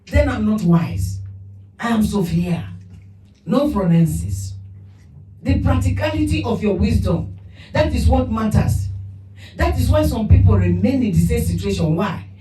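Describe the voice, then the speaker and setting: A woman preaching a sermon, lively and laughing between points, putting on quoted voices. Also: medium pitch, unhurried, long pauses. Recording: echoey room from far off with music.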